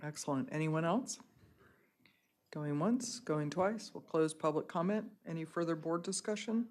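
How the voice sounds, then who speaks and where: Brisk woman chairing a board meeting. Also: low voice, a little mellow. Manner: brisk, procedural, friendly.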